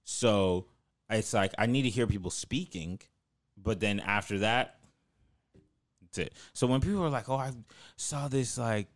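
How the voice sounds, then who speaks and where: A man's voice: lowish voice, a little slow, pauses often, no echo, clean studio sound. A man co-hosting a podcast, chatting casually with slangy quips. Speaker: podcast co-host. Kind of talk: casual chat.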